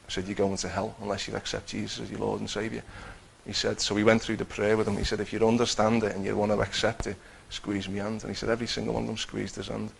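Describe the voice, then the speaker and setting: A man's voice: lowish voice, little pitch movement, quick pace, vocal fry, hardly any pauses, a little hiss or hum, rough recording. A man telling a personal faith testimony in a conversational way, acting out what he and others said. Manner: conversational, acts out his own quotes, many restarts.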